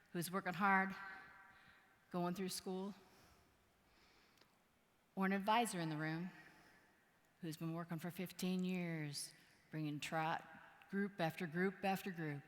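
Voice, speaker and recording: Woman doing a lively keynote story in a big hall, bright voice, long reverb. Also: on the low side. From Wisconsin. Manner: animated, playful, acts out voices and sounds. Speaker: keynote speaker. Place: large conference hall.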